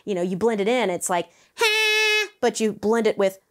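A woman vocal coach talks through her work in a podcast interview. She is lively and open, and she breaks off now and then to demonstrate vocal sounds. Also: medium pitch, fast. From Nashville, USA.

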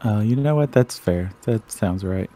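A man's voice: on the low side, animated, a little slow, warm tone. A man teasing and joking playfully while playing a co-op game on stream. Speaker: co-op gamer on stream. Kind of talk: casual gaming banter.

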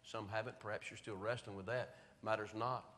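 A man's voice: lowish voice, steady tone, brisk. A middle-aged man preaching a sermon, telling homespun stories and making an earnest appeal. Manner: folksy storytelling, then quiet earnest appeal. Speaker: pastor. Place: church sanctuary. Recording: church hall reverb on a live stream.

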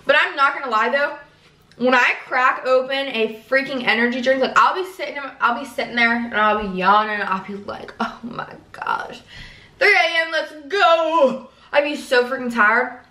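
A young woman vlogger talks casually to the camera about her day, rambling, swearing offhandedly, and filling gaps with fillers and self-talk. Her voice is a little high, bright and forceful at a moderate pace, captured roomily on a distant mic.

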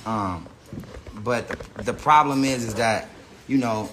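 A man's voice: lowish voice, takes it slowly, background noise. A man ranting unscripted to his viewers, profane and rambling, often restarting his sentences. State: says he is high. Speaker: person telling his side of a story.

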